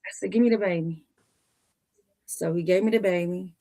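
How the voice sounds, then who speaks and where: Animated woman telling a family story. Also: on the low side, moderate pace. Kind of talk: casual storytelling.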